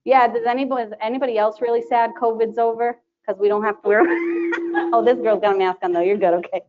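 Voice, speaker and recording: A woman presenting to a live conference audience, chatty and animated, laughing often and acting out quotes. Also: fairly high pitch, fast talker. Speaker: conference presenter, sterile processing educator. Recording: dull lo-fi sound.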